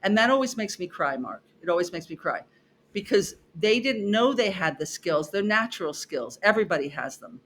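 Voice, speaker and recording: A middle-aged woman speaks as a podcast guest in a clear, bright voice. She tells stories about her classes with lively expression, slips into her students' voices and repeats lines for emphasis. A faint hiss of noise sits under her words. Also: fairly low pitch, moderate pace. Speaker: podcast guest, psychology professor. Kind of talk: animated conversational storytelling.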